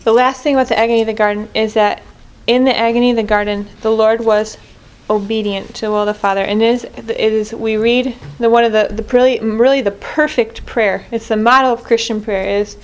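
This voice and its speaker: A woman's voice: on the high side, fairly even intonation, a little fast, hardly any pauses, clear, resonant tone. A woman leading a group prayer reflection in an earnest way, often restarting and correcting herself mid-sentence. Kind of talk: spoken reflection on scripture.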